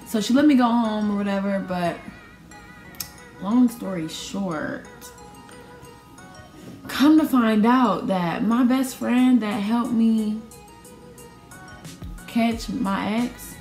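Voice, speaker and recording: A woman's voice: mid-range voice, measured pace, faint music behind. A young woman telling a personal story in a casual, slangy storytime vlog, acting out what people said. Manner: animated, slangy, acts out quoted dialogue. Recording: roomy echo.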